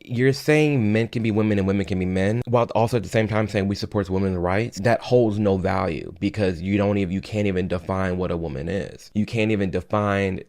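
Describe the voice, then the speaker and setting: A man with a fairly low voice delivers opinionated commentary to camera. He talks emphatically and sounds exasperated, stumbling and restarting as he pushes his point. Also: brisk, few pauses, darkish tone. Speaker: political commentary vlogger.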